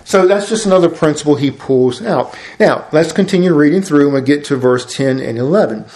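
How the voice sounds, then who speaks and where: A man's voice: on the high side, moderate pace, few pauses, a little mellow, echoey room, low-quality recording. A man preaching a conversational, folksy sermon as a pastor.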